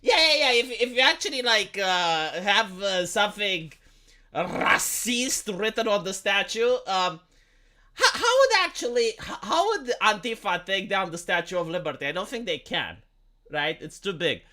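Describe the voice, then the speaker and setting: A man ranting on a live stream in a bright, sharp voice that swings widely in pitch. He swears freely and stumbles over repeated words. He keeps throwing rhetorical questions at his audience. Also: lively intonation, moderate pace. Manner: profane, heated, stammers and repeats words; argumentative, asks rhetorical questions. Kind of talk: casual political rant on a live stream.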